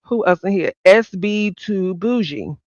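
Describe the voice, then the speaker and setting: A woman's voice: medium pitch, animated, measured pace, dry recording, highs cut off. A woman hosting a casual livestream chat, talking to viewers by name and laughing often. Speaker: livestream host.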